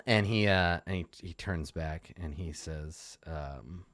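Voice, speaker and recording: A man narrating as game master of a tabletop game, halting and full of fillers, often laughing. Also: sits low, fairly bright tone, no room sound, clean studio sound.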